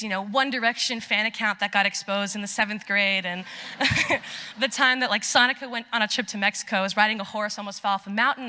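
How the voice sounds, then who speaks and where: A young woman tells a personal story on stage, chatty and animated, slipping into the voices she quotes. Her tone is bright and clear. The sound carries the long reverb of a large auditorium. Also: a little high. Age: young adult. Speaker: student storyteller.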